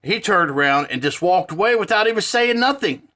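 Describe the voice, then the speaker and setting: Heated, foul-mouthed man, high and bright. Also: animated, brisk. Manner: profane, heated, rambling. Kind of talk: angry storytelling rant.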